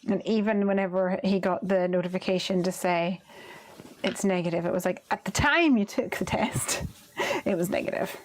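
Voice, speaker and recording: A woman's voice: mid-range voice, moderate pace, slight background noise. A woman hosting a live card-making stream, chatting casually as she works, reading viewer comments aloud and laughing often. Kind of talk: casual chat while crafting.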